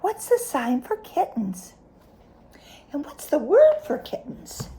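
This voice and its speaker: A woman's voice: high voice, slow, slight background noise. A woman reading a picture book aloud to a child, stopping often to ask questions about the pictures. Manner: animated, asks the child questions.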